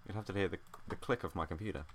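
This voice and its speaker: A man's voice: low voice, racing, noisy background. A young man co-hosting a podcast, teasing and playful in casual chat, filling his talk with likes and laughs. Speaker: podcast co-host.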